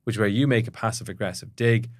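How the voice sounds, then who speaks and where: A middle-aged man, a therapist, explaining ideas in a fast, conversational way and checking in with "right?". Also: lowish voice, dry recording, studio quality. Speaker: psychotherapist guest.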